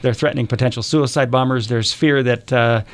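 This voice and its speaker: A man's voice: medium pitch, steady tone, a little fast. A middle-aged man hosting a live talk radio show, chatty and joking, with a lot of laughter. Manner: chatty, laughs often, jokey asides. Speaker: radio show host, journalism professor.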